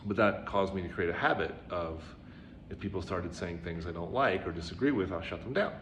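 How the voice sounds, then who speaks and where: Low-voiced man giving a casual Zen talk. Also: a little fast, fairly bright tone. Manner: conversational, many "right?" and "you know" asides; acts out quoted dialogue with raised pitch. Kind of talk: informal dharma talk. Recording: roomy echo with faint background noise.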